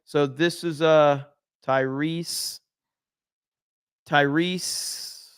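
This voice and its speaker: A man hosts a late-night livestream, reading chat messages aloud and riffing on them with loose, profane jokes. His voice sits a little high for a man. It is close and dry, with almost no room sound. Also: normal speed, fairly bright tone, dry recording. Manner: reads viewer messages aloud, joking and profane. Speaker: livestream host.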